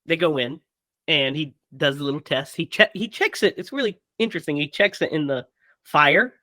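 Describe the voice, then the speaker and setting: A man's voice: on the high side, dry recording, clean studio sound. Chatty man retelling a movie. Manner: animated retelling of scenes, quoting characters in quick voices. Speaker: podcast co-host. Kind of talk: casual movie discussion.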